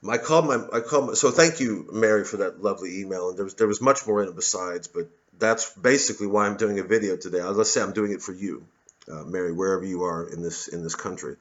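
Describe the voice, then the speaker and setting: Low-voiced man in a profane rant. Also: fast talker, muffled recording. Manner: angry, profane, repeats words and restarts. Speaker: political commentary vlogger. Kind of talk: ranting monologue to camera.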